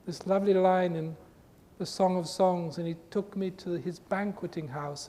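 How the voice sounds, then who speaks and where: A man giving an earnest spiritual talk to a group, with emphatic, repetitive phrasing, recorded in a reverberant hall with a faint rumble. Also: steady tone, normal speed, dark tone. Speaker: spiritual teacher.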